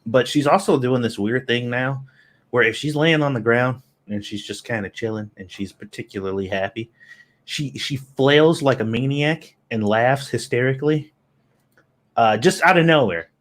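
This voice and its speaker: A man's voice: medium pitch, normal speed. A man co-hosting a casual show, chatting loosely in slangy, easygoing talk. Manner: relaxed storytelling with slang. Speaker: co-host. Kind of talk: casual chat.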